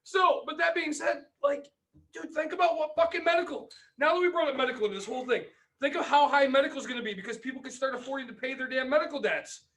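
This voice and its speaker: Man, high voice, excitable, swears a lot, podcast co-host. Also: fast, low-quality recording. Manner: swears often, heated and excitable. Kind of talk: casual argumentative chat.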